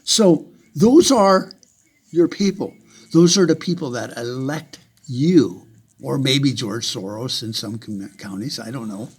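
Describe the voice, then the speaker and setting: A man's voice: mid-range voice, lively intonation, slow, husky. A man ranting angrily to camera with heavy swearing, often repeating words and restarting sentences. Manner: profane and heated. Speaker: vlogger. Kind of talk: angry rant to camera.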